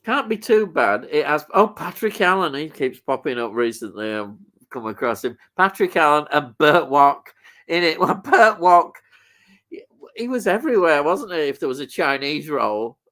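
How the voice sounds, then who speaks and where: A man hosting a casual live stream, musing slowly and laughing often. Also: a little high, very animated, a bit bright. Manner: slow, laughs often, muses aloud.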